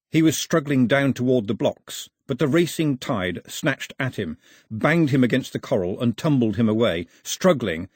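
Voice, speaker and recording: Husky, expressive male storyteller. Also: mid-range voice, dry recording, clean studio sound. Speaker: narrator. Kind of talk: audiobook narration.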